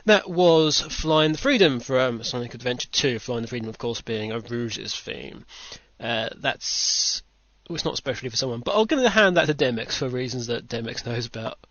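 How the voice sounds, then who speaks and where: A man's voice: medium pitch, animated, normal speed, few pauses, fairly bright tone, no echo. A British man hosting a podcast in casual chat, rambling with dry self-mocking asides. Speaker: podcast host. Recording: dull lo-fi home recording.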